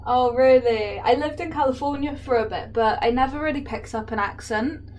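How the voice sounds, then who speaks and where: A woman's voice: high voice, moderate pace, a little mellow, a little hiss or hum. A woman from England with a Welsh-tinged accent, chatting casually and laughing often as she paints and answers viewers. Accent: Welsh-tinged English. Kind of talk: casual chat while painting.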